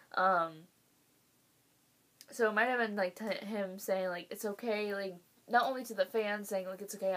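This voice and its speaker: A young woman, hosting a casual reaction video, emotional and swearing, laughing through tears. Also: fairly low pitch.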